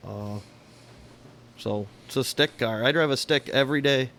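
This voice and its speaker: A man's voice: medium pitch, moderate pace, fairly bright tone. A man from Michigan with a Michigan accent, co-hosting a casual podcast and telling stories in a dry, laid-back way. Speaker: podcast co-host. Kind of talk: casual chat.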